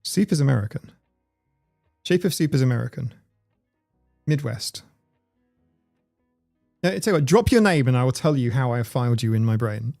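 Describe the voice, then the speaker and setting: A man's voice: medium pitch, animated, normal speed, gravelly, pauses often, a little mellow, faint music behind. A man, hosting a casual livestream and reading out viewers' comments in a chatty, playful way. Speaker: livestream host.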